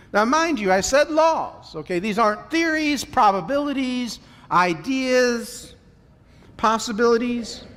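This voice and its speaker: A high-pitched man delivers a sermon in a church sanctuary. He speaks in a measured way, repeating his points and putting questions to the listeners, and his voice rings with a long reverb from the hall. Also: a bit bright. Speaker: preacher.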